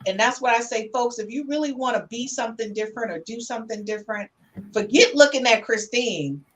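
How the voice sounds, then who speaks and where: High-voiced woman host, chatty and lively. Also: fairly quick. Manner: lively, calls listeners "honey", Southern-style US slang. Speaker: podcast host reading viewer comments. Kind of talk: casual chat.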